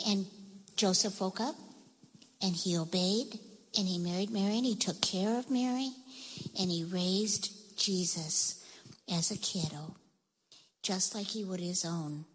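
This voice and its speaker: A woman telling a Bible story to children in church, animated and coaxing, asking them questions as she goes. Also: medium pitch, normal speed, husky, in a large hall, low-quality recording. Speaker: children's minister. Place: church sanctuary.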